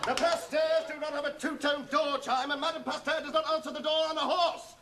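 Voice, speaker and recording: A man's voice: very high voice, little pitch movement, brisk. An actor playing a flustered young doctor who hesitates and stammers through his lines, in a 1970s TV sitcom. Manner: hesitant, stammering, full of ums. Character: flustered young male doctor, easily rattled. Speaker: young doctor organising a radio show. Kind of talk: 1970s television sitcom acting. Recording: noisy old TV sitcom soundtrack.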